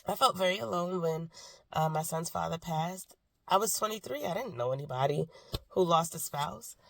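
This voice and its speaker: A woman's voice: fairly low pitch, normal speed, gravelly, a bit bright, dry recording. A woman in her thirties talking candidly about grief and faith in a personal vlog, reflective and rambling, sick with a cough. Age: 30s. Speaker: vlogger.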